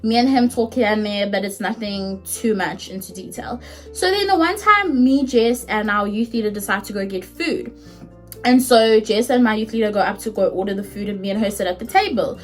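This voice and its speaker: A young woman in her twenties with a South African accent, telling a story in a chatty, animated, casual way and swearing freely. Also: mid-range voice, a little fast, soft background music. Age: 20s. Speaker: vlogger.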